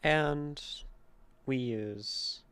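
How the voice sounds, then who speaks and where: A man streaming, reading a poem aloud and then explaining its meter, sounding out syllables slowly and carefully. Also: mid-range voice, a bit bright. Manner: slow, deliberate reading with gravelly tone. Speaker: streamer critiquing poetry. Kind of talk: reading and teaching poetry.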